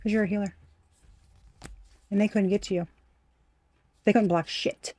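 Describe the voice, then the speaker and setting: A woman's voice: mid-range voice, steady tone, moderate pace, pauses often, darkish tone. A woman giving a casual tarot reading straight to the viewer. She is blunt and swears freely, and she repeats phrases for emphasis. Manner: talks straight to the viewer as "you". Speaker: tarot card reader.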